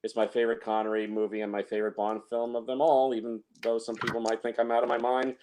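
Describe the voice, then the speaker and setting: A man's voice: mid-range voice, little pitch movement, fast talker, a little mellow, slight background noise, poor audio. A man giving an enthusiastic, earnest film review in casual discussion.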